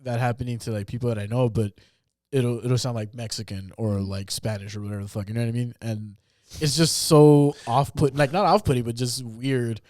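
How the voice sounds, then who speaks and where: A man hosting a podcast in casual chat, relaxed and profane, laughing along with the others. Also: medium pitch, fairly quick, no echo, clean studio sound. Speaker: podcast host.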